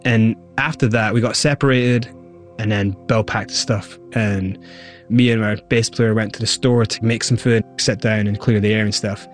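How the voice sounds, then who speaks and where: A man, the guest in an interview, retelling his past with lively acted-out quotes. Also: fairly low pitch, moderate pace, faint music behind. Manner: animated retelling, acts out quoted voices. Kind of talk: storytelling interview.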